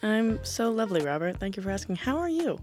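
A woman's voice: mid-range voice, very animated, fast, a little mellow, soft background music. A young adult woman co-hosting a comedy podcast, telling rambling stories in a playful way and laughing often. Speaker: podcast co-host. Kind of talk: casual comedic chat.

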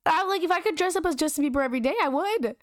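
A young woman telling a story in casual, animated chat, slangy and giggly with lots of "like". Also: very high voice, racing, no echo, studio quality.

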